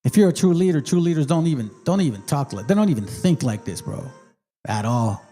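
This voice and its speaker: A middle-aged Mexican man hosts a channel, commenting emphatically on a debate clip he plays, in a casual, preachy street manner. His mellow voice is a little high, animated and fairly quick, with faint music behind it.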